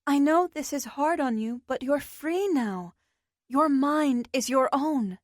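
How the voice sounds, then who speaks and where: A woman voicing a soft, gentle young woman. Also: high voice, animated, unhurried, dry recording, studio quality, pitched above the performer's own voice. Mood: soothing. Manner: soft and soothing.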